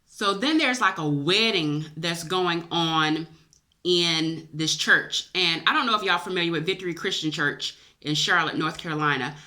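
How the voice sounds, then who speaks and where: Lady vlogger, teary and chatty, kinda low but bright sharp voice, keeps saying y'all. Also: normal speed. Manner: emotional, chatty, addresses viewers as y'all. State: teary-eyed. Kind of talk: personal storytelling to camera.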